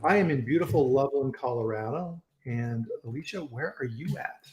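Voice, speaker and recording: Male host for a casual live chat show, mid-pitched, loose and talkative, recorded in an echoey room. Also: animated, moderate pace. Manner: chatty, rambling, frequent restarts and fillers. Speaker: host of a live online food safety chat. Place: home in Colorado. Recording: roomy echo.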